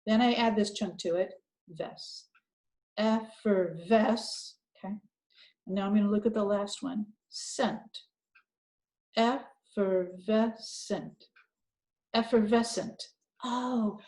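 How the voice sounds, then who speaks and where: A woman teaching a children's reading lesson, talking slowly and encouragingly as she thinks aloud. Her voice is mellow and soft-edged. The sound carries some room echo. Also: mid-range voice.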